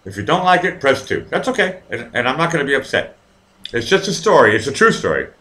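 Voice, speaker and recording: Profane, lively man rambling. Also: medium pitch, quick pace. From Boston, USA. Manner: profane, rambling storyteller with many fillers and restarts. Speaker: livestream host reading viewer comments. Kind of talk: casual live-stream chat.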